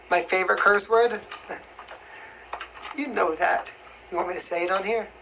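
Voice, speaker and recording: A man's voice: high voice, slow pace, gravelly, background noise. A young man from New York with a light New York accent, casually answering viewer questions on a live stream in a rambling, chatty way. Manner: chatty and rambling, with constant "you know what I mean".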